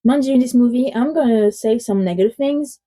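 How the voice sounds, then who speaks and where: A woman's voice: a little high, brisk, mellow, low-quality recording. A woman from France with a French accent, a native French speaker, giving a casual, chatty film review in English with lots of fillers. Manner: chatty and rambling, many "like" fillers.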